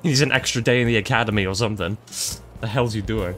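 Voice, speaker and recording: A man's voice: lowish voice, fast, music in the background. A young man giving playful let's-play commentary, joking, teasing enemies and repeating himself. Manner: jokey, laughs often, teases enemies, repeats phrases. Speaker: gaming streamer.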